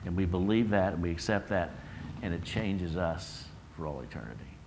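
A man's voice: low voice, animated, normal speed, background noise. A man preaching a sermon as pastor in a church, earnest, often restarting and rising for emphasis. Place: church sanctuary.

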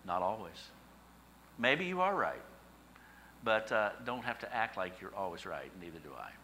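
A middle-aged male pastor preaching a sermon, telling stories with emphatic, animated repetition. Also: fairly low pitch, moderate pace, a little hiss or hum, low-quality recording.

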